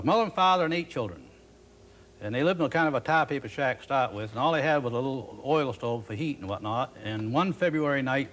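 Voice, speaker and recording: A man telling a tall tale in a relaxed, wry, folksy manner. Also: medium pitch. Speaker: storyteller. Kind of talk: folksy storytelling.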